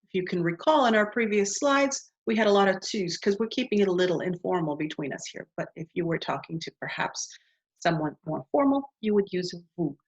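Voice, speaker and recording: This woman's voice is on the low side, brisk and husky, with lively intonation that rises and falls a lot as she models phrases in a beginner language lesson. Patiently, she keeps asking the listener to repeat. The audio is dull and lo-fi.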